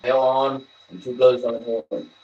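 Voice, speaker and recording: A man's voice: medium pitch, little pitch movement, measured pace, roomy sound, recorded from a distance, dull audio. A man casually narrating as he runs his model trains, tossing in jokey asides and nonsense words. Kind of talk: casual running commentary while operating model trains.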